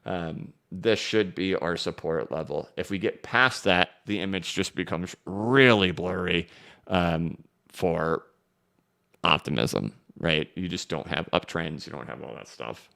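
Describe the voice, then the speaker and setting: Deep and marked by vocal fry, this man's voice hosts a crypto market live stream. He pushes through charts and viewer questions at speed, emphatic and full of energy.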